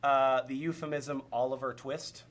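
A man co-hosting a live comedy show, putting in quick apologetic asides from away from the microphone. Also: mid-range voice, steady tone, fairly bright tone.

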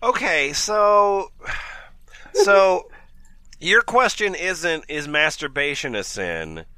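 Brief: teasing male co-host, high and very lively, bright tone. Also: takes it slowly, smooth, dry recording. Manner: incredulous, teasing questions. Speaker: podcast co-host. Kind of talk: comedic forum reading.

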